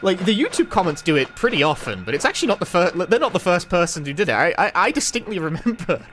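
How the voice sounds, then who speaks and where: A man with a London accent talks through his game on a live stream. His voice sits a little high and swings around a lot. He rambles in a wry, offhand way and drops a casual swear now and then. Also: sing-song, fast talker, fairly bright tone, a little hiss or hum. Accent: London English. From London, England. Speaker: speedrunner streamer. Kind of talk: casual live-stream commentary while playing.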